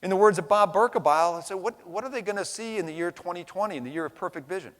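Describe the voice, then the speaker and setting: Very fast and high-voiced with a slightly bright tone, a middle-aged man from the United States delivers a heated keynote. He's blunt, emphatic and casually profane, dropping "right?" after his points. The recording echoes with the long reverb of a big hall.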